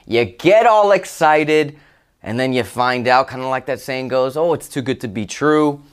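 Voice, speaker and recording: A man hosting his own motivational podcast, telling a personal story with emphatic, excited exclamations. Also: medium pitch, normal speed, clear, resonant tone. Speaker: podcast host.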